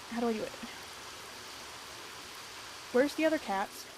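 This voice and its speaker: A young woman streamer chatters through a game in a slightly high voice, excitable and quick to swear. She talks straight to the characters on screen. Her home stream audio carries a steady layer of background noise. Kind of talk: casual gameplay commentary. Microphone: desk mic.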